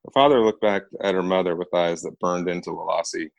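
Deep-voiced man narrating a dark fantasy. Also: fairly even intonation, fairly quick, creaky, no echo. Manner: earnest, dramatic reading. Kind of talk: audiobook-style narration of a fantasy novel.

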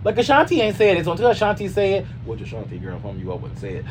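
A man hosting a casual gossip show, sassy and animated, often swooping up into high squeals. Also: rapid-fire, hardly any pauses, a little hiss or hum. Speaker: host.

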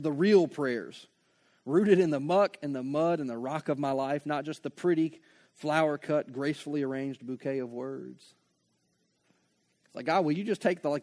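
A man preaching a sermon with passion, moving from hushed reflection to loud, rising appeals. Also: fairly high pitch. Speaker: pastor.

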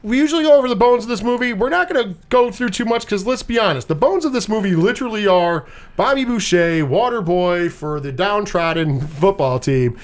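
A man's voice: high-pitched, lively intonation, a little fast. A man hosting a casual movie review podcast, chatting loosely, swearing often and laughing along with his co-hosts. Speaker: podcast host.

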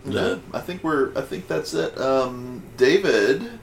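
A man's voice: medium pitch, expressive, takes it slowly, creaky. A man co-hosting a casual podcast chat, reading out draft picks and stumbling over names. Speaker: podcast co-host.

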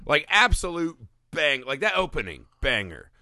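Animated guy hosting a podcast, swings his pitch all over, curses and laughs a lot. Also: moderate pace, no room sound, studio quality. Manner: lively, swearing, laughing often. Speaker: podcast host. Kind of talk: casual podcast chat.

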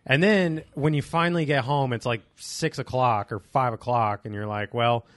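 A young man with a medium-pitched voice complains bluntly in casual conversation and swears freely. The recording is close and dry. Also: moderate pace, no room sound. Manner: blunt, profane, griping. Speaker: podcast co-host. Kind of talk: casual podcast chat.

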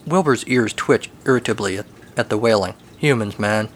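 A man narrating a comic story in a wry, deadpan manner. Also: lowish voice, normal speed.

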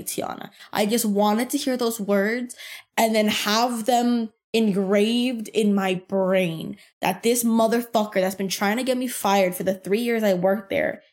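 A young woman hosting a podcast, telling a workplace story in a casual, profane and animated way. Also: mid-range voice. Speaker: podcast host.

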